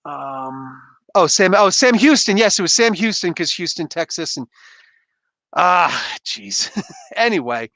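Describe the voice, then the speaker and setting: A man in a relaxed livestream, answering viewer comments in a chatty, easygoing way. He laughs often and jokes at his own expense. His voice sits a little high, and the sound is dry and close to the mic. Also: measured pace, creaky, dry recording. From Canada. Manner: laid-back, laughs often, self-deprecating. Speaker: livestream host. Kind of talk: casual chat reading viewer comments.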